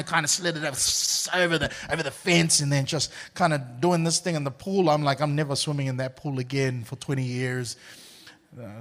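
Here a male pastor's fairly high, somewhat bright voice carries a sermon full of personal stories. He's energetic, laughs frequently, and repeats words along the way.

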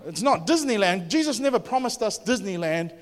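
A pastor preaches in a lively, chatty way, often turning questions to his congregation. His voice sits a little high. A long reverb from the church hall trails every phrase. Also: fairly quick, a faint crowd. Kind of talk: sermon.

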